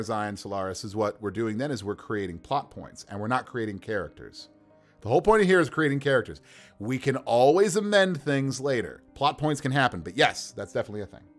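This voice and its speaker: A man chatting casually on a livestream as a game master, building characters by rolling dice, animated and laughing often. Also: mid-range voice.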